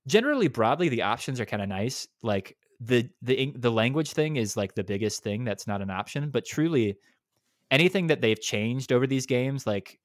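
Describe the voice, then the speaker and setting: A man co-hosting a casual gaming podcast, talking in animated rants full of restarts. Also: medium pitch, moderate pace, no echo, studio quality. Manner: animated, ranting, lots of restarts. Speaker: podcast co-host.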